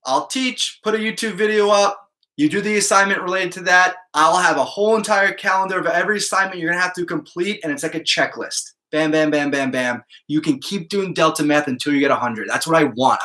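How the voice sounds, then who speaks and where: Male math teacher, upbeat and casual, slightly high bright voice, keeps checking in with students. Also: fast talker. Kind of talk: live online class talk to students.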